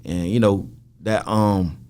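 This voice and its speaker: A man's voice: fairly low pitch, slow, clean tone. Man animatedly retelling a story. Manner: animated retelling, acts out quoted dialogue, heavy swearing. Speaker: podcast guest. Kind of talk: casual storytelling conversation.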